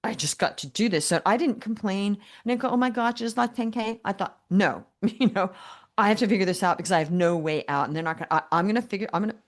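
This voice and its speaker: An older woman guest telling her business story in an interview, animated and humorous, acting out both sides of past conversations. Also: medium pitch, quick pace. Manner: animated, acts out dialogue with quoted voices, humorous.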